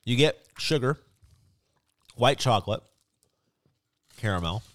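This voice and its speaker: A man's voice: mid-range voice, slow. A man hosting a podcast in casual chat, tasting snacks with enthusiasm. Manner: animated, enthusiastic snack taster. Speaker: podcast host.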